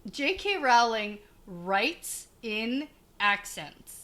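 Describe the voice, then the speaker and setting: A woman co-hosts a podcast in a loose, casual chat. Her voice sits a little high and rings bright. She giggles often and wanders off into tangents. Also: big pitch swings. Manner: chatty, giggly, quick tangents. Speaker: podcast co-host.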